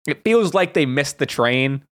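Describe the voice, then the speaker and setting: A man co-hosting a casual wrestling podcast, talking in quick bursts with frequent restarts and fillers. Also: fairly high pitch. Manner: animated, lots of restarts and fillers. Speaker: podcast co-host.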